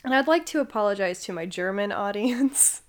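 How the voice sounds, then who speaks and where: A woman's voice: mid-range voice, lively intonation, fairly quick. A young woman hosting a podcast, telling a story casually, giggling and stumbling over names. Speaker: podcast host.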